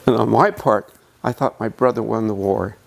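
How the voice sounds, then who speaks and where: Older man with a gravelly voice. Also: lowish voice. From United States. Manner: reminiscing, emotional, halting with restarts. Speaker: museum docent. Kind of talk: panel storytelling. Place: museum meeting room.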